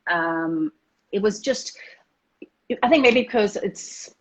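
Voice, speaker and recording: A South African woman, an actress, chatting fast in an interview with lots of restarts. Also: medium pitch, expressive. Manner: fast talker, many restarts. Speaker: actress guest. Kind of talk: casual interview chat. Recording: dull lo-fi audio.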